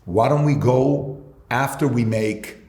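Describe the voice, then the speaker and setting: A man's voice: mid-range voice, slow, darkish tone. A man being interviewed as a guest entrepreneur, telling stories and acting out both sides of conversations. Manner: acts out both sides of dialogues. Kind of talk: storytelling interview talk. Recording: roomy echo.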